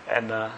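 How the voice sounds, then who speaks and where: A middle-aged man preaching a sermon as pastor, swinging between loud, emphatic passages and soft, confiding asides. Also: slight background noise.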